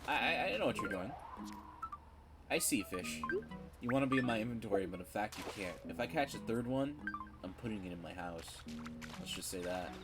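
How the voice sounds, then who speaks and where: Male streamer, lowish voice, rambling, frank, casual swearing, game music under. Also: expressive, a little fast, long pauses.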